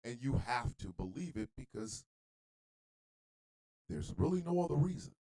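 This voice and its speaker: A man hosting an internet radio show, delivering a blunt, profane monologue rant that swings between low muttering and shouting. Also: big pitch swings, normal speed, low-quality recording.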